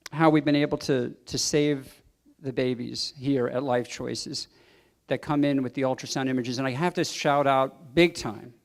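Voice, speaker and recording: Earnest man giving a banquet speech. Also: fairly high pitch. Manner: earnest, emphatic, chuckles at his own asides. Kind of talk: public speech. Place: banquet hall.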